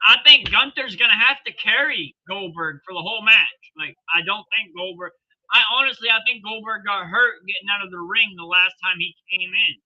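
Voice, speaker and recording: A man's voice: high voice, a little fast, lo-fi sound. A man casually commenting on a live wrestling show for his stream, chatty and joking, laughing often.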